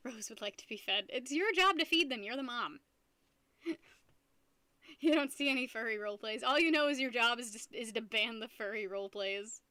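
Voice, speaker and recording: A woman's voice: fairly high pitch, moderate pace, sharp tone, no room sound. A young woman streamer chatting casually with her viewers, playful and giggly, often laughing at herself. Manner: playful, giggly, self-mocking. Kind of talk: casual live-stream chat.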